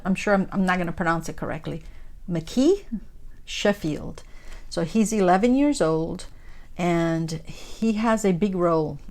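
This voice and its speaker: Chatty woman vlogger, lowish voice. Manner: chatty, retelling a news story with fillers and asides; warm, gushing asides addressed to viewers as guys. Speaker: crafting vlogger. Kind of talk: casual chat while diamond painting.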